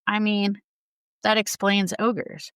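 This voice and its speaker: A woman's voice: medium pitch, level tone, slow pace, fairly bright tone, clean tone, no room sound. A woman hosting a casual, enthusiastic talk show, chatting with frequent laughter. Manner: enthusiastic and giggly, reciting quotes. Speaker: host. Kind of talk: casual talk about a musical.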